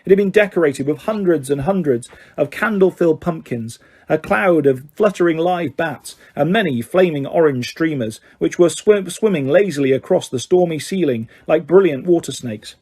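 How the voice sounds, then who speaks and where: Male audiobook narrator, fairly high voice, steady reading, small slips. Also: moderate pace, slightly rough.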